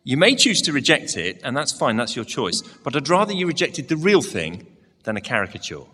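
Bright-voiced man preaching. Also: mid-range voice, very animated, a little fast, slight background noise. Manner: conversational storytelling, asks the listeners direct questions. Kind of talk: sermon. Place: church service, large hall. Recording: long hall reverb.

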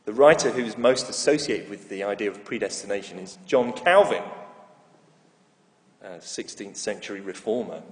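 A middle-aged man preaching a sermon, telling stories and stressing key phrases with slow repetition. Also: lowish voice, animated. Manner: storytelling, emphatic with slow repeated phrases. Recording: echoey hall reverb.

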